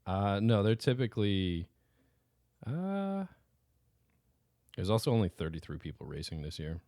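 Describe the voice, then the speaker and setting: A very deep-voiced man co-hosting a chatty podcast, loose and playful, drifting off mid-thought before picking back up. The recording is dry and close, with no room sound around him. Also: very animated, measured pace, darkish tone, no echo. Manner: laid-back, joking, trailing off mid-sentence. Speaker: podcast co-host. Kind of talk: casual chat.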